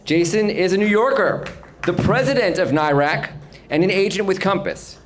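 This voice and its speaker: A man moderating an event, introducing a guest formally in measured, hesitant phrasing. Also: high voice, slight background noise.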